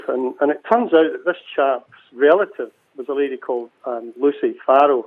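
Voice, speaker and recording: A man's voice: mid-range voice, normal speed. A Scottish man, a cemetery chief, chatting as a guest on a radio call with frequent restarts. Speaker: cemetery CEO, phone guest. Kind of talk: casual radio interview. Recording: phone line.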